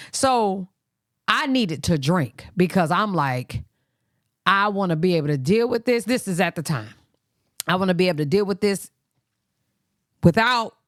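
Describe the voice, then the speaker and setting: A man's voice: dry recording, clean studio sound. A man hosting a casual chat, animatedly telling a personal story and acting out other people's lines in a raised voice. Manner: animated, acts out quoted voices in high pitch. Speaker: host.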